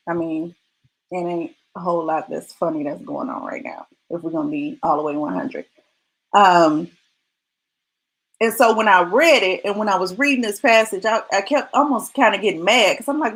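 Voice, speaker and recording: A woman's voice: lowish voice, fairly bright tone, poor audio. Bubbly chatty woman. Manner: chatty, effusive, laughs often. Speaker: host of a live video show. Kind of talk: casual livestream talk.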